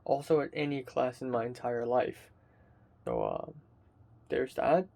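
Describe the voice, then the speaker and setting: A sleepy, tired young man, a college student, rambling in a halting casual video diary with frequent fillers and swearing, filmed by himself in his bedroom. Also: mid-range voice, huge pitch swings, vocal fry, darkish tone. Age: young adult. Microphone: self-filmed camera.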